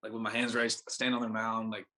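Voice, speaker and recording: A man's voice: lowish voice, completely flat delivery, quick pace, sharp tone. A young man in his twenties, a podcast guest, telling a rambling anecdote full of fillers and acted-out dialogue. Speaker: podcast guest, baseball pitcher. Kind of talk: casual storytelling.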